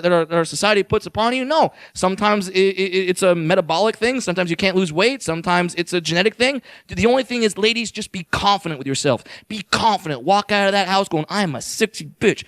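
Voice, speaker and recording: A man from California works a comedy stage with a high-pitched, gravelly voice. He is brash and profane, firing punchy, insistent lines. The sound is close and dry. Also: a bit bright, no room sound. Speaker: stand-up comedian. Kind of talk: stand-up routine.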